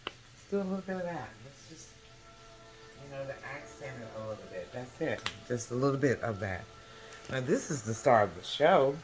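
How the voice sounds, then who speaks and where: A woman hosting a casual home cooking demonstration, talking the viewer through each step and checking in with a quick "okay?" again and again. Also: extremely low pitch, lively intonation. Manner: chatty, keeps checking in with the viewer by asking "okay?". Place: home kitchen. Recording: echoey kitchen with background music.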